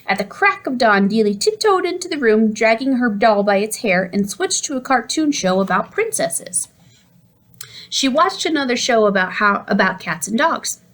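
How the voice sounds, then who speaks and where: A woman narrating a children's storybook aloud, lively and expressive, with a fairly high voice. She shifts easily into character voices as the story goes. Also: moderate pace. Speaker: audiobook reader.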